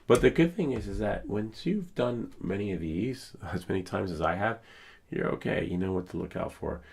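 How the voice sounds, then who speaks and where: Man, hoarse and very low-pitched with a gravelly rasp, rambling casual streamer chat. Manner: rambling, thinking aloud with many fillers. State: hoarse, losing his voice. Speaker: live streamer.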